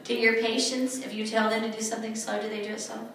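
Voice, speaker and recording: Giving instructions with a playful, teasing edge, this workshop presenter leads a live demonstration for an audience at a retreat event room. She speaks fast in a slightly high, level voice over crowd noise. The recording is echoey, with a distant mic.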